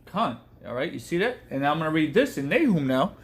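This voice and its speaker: A man with a fairly high voice talks casually, then reads verses aloud. He leans hard on the key words as he reads. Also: big pitch swings, a little fast. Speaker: scripture reader. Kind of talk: casual talk and scripture reading.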